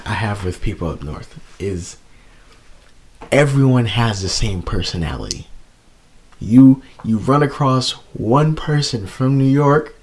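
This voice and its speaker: A young man from Florida hosting his own podcast, ranting in a casual, animated way with lots of restarts and fillers. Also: on the low side, husky. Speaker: podcast host. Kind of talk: casual rant.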